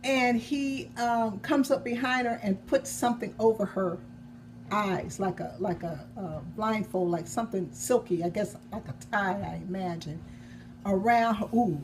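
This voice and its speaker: A woman's voice: medium pitch, normal speed, a little hiss or hum. A woman novelist vlogging in a casual chat about her own book, rambling and correcting herself as she goes, with the odd chuckle.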